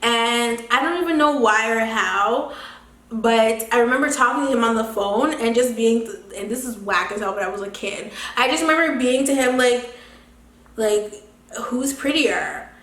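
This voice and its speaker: A young woman with a fairly high voice tells a casual storytime vlog. She talks in an animated, slangy way, swears freely and laughs often. Her voice bounces around an echoey room. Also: normal speed. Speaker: beauty vlogger.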